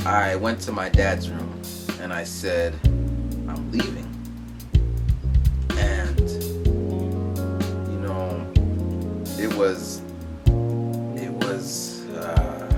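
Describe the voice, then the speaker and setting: A young man casually telling a personal story, animated, acting out other people's voices. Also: sits low. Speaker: vlogger telling his story.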